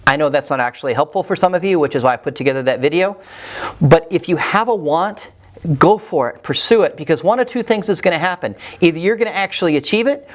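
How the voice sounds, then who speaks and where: A man giving an earnest, encouraging motivational talk straight to the camera, telling a personal story. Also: a little high. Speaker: motivational speaker.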